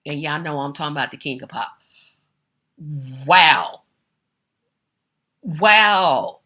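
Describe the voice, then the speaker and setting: A woman hosting an opinionated live-stream commentary, emphatic and animated, repeating phrases and addressing viewers directly. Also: low voice, very fast. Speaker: political commentary host.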